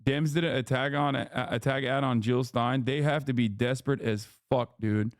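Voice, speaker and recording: A man's voice: mid-range voice, moderate pace, no room sound, studio quality. A man hosting a livestream, chatting casually and ranting with a lot of profanity. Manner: profane, ranting, animated rambling. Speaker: streamer host.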